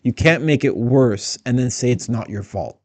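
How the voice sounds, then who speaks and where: A man's voice: mid-range voice, moderate pace, a little mellow, no room sound. A man giving blunt, critical casual commentary on interview clips. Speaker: political commentator.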